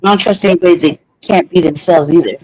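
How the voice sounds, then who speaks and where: A man's voice: sits high, fast talker, a little mellow, no room sound, poor audio. A man co-hosting a podcast, talking in a heated, profane, rambling way with frequent restarts. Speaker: podcast co-host. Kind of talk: heated casual talk.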